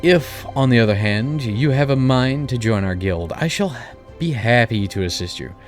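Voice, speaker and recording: A man's voice: medium pitch, expressive, moderate pace, close to an everyday voice. A man voicing a formal, long-winded male guild receptionist, reading game dialogue aloud in a stately tone over faint game music.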